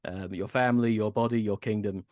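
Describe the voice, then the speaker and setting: Man lecturer, lowish voice, dry close sound, informal digressive delivery with restarts. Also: steady tone, a little fast, darkish tone, no room sound. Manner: casual, digressive, with frequent ums and restarts.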